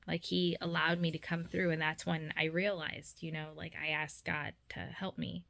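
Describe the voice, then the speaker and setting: A woman's voice: deep voice, flat delivery, normal speed, creaky, a bit bright. A woman vlogging about a dream and her faith, talking earnestly and casually with many fillers.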